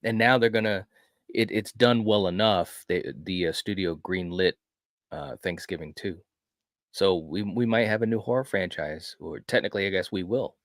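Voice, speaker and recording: A man's voice: low-pitched, dry recording, studio quality. A man who is a guest on a live watch-party, chatting casually about movies with a lot of restarts. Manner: halting, many restarts and filler words. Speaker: guest co-host.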